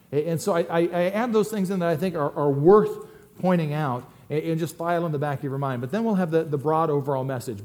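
A man's voice: a little high, darkish tone. Conversational man preaching a sermon. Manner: conversational, repeats words when starting sentences. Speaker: pastor.

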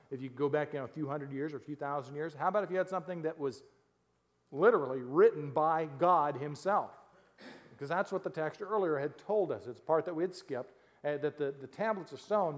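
A male pastor preaching a sermon, reading scripture aloud and breaking off into animated, laughing asides to the congregation. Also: fairly high pitch. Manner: animated, jokey asides with laughs, reads scripture then explains.

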